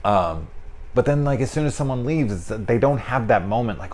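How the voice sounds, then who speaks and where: A man's voice: mid-range voice, animated, moderate pace, a little mellow. A man giving a casual spoken movie review, rambling with lots of filler words and swearing, amused by the film.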